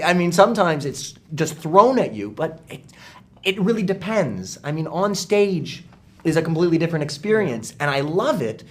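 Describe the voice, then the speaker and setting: A man with a voice sitting a little above the usual, talking casually as an interview guest. He tells anecdotes with energy and slips into quick voices for the people he quotes. His tone is easygoing and conversational. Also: a little high. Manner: lively anecdotal storyteller, acts out quoted dialogue. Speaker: voice actor guest.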